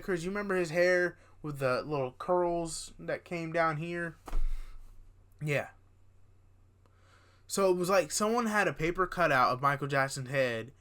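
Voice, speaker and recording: Young male vlogger, high voice, tired, rambling casual storytelling with restarts. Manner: animated, rambling with restarts and asides. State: tired, yawning.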